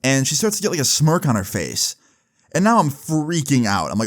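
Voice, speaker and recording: A young man telling a personal story in a casual vlog, animated, with lots of fillers. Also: mid-range voice, moderate pace. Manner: animated, swearing, fillers like "like" and "right". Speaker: vlogger.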